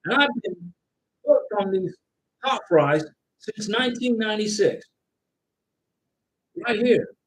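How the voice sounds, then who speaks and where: A middle-aged man hosting a casual livestream, loudly reading out viewer comments and giving advice, at times yelling. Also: high-pitched, slow pace, pauses often, rough recording. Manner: loud, animated, at times yelling. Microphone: home microphone with interference noted by viewers.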